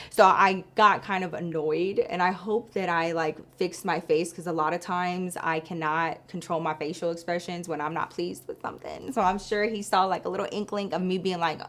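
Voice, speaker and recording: Chatty woman telling a storytime. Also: on the low side. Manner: chatty, animated, addresses viewers as girl and y'all; lots of likes and you-knows. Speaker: storytelling vlogger. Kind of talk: casual storytime.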